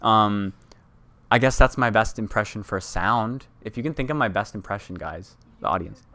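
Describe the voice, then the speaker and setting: A man's voice: lowish voice, moderate pace, sharp tone. Joking young Canadian man. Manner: self-deprecating, joking. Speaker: co-host. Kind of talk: casual live-stream chat.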